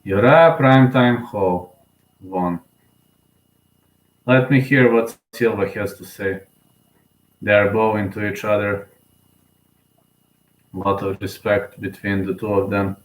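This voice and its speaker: A young man giving live, emotional fan commentary on a fight, excitable and often repeating himself. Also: on the low side, slow pace, pauses often. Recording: roomy echo.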